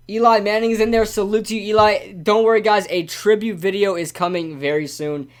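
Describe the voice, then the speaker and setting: A man's voice: high voice, steady tone, moderate pace. A young man hosting a casual live-stream sports talk show, rambling and ranting animatedly with lots of repeats.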